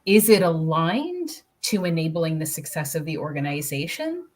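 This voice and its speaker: A woman speaking as a panel guest, thoughtful and measured, asking rhetorical questions. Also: deep voice, sing-song, a little mellow. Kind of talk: panel discussion.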